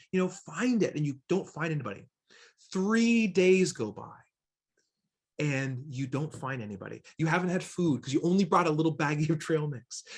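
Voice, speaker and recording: Man, fairly high voice, diversity trainer, conversational, acts out inner voices. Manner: conversational, with many fillers and restarts. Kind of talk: interactive training talk.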